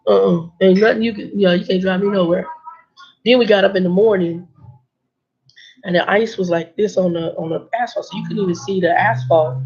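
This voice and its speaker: A sarcastic woman trucker tells blunt, animated stories in a casual vlog. Her voice is gravelly and husky, and the recording sounds dull and lo-fi. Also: medium pitch, brisk. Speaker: truck driver.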